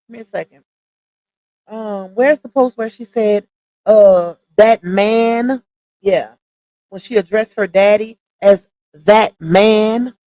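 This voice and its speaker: A woman hosts a casual livestream in an unhurried, drawn-out way. Her voice sits at an ordinary pitch. The sound is dry and close, with no room around it. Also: mellow, no echo, rough recording. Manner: chatty, addresses viewers as y'all, often pauses to find screenshots. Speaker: livestream commentary host.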